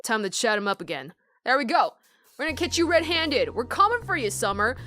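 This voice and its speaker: A woman giving casual, excitable commentary as she plays a game, chatting and thinking aloud. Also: on the high side, a little fast. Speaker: let's play commentator.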